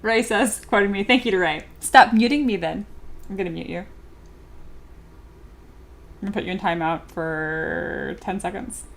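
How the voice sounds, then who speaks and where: A woman's voice: medium pitch, moderate pace, long pauses. A young adult woman livestreaming while she sculpts, chatting casually and giggling as she reads viewer comments aloud. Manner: chatty and giggly, with frequent fillers.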